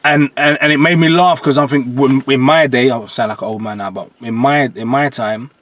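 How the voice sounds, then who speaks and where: A man in his forties with a mid-range voice talks briskly over slight background noise. A jungle MC appearing as a guest on a podcast, he tells stories animatedly and keeps asking "do you understand" to check the listener is following.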